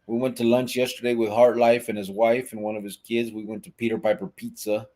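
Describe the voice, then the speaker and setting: A man's voice: mid-range voice, little pitch movement, brisk, dark tone. A man hosting a live podcast, talking in a laid-back, rambling way with lots of fillers. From Arizona, US. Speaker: podcast host. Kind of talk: casual live podcast chat.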